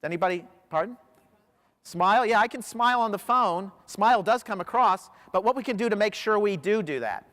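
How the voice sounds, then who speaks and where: A high-pitched man gives an animated keynote talk, telling stories and firing questions at a big crowd. His voice rings out with a long hall reverb behind it. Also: fairly quick. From United States. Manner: animated storyteller, quizzes the audience. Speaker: professional speaker. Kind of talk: motivational keynote talk to a large audience. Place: large hall.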